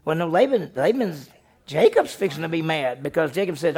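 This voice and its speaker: A male pastor retells a story within his sermon, delivering it animatedly and voicing the characters' lines himself. His voice is a little high, a little fast and slightly rough.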